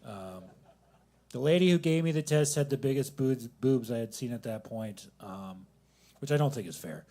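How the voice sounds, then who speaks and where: A man's voice: a little high, darkish tone. Rambling young stand-up comic man. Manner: rambling, self-deprecating, angry asides. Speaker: stand-up comic at an open mic. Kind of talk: stand-up comedy set. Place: coffee shop open mic.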